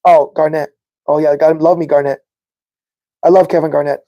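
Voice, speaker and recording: A man hosting a casual live-stream sports podcast, talking excitedly and greeting viewers in the chat by name. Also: a little high, normal speed, lo-fi sound. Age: adult with a son. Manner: excitable, talks to chat viewers by name, says bro a lot. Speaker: podcast host.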